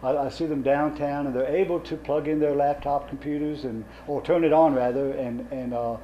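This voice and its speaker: A man's voice: on the high side, fairly even intonation, slight background noise. A man, a local community member, speaking hesitantly in a documentary interview. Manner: hesitant, halting. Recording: roomy, muffled recording.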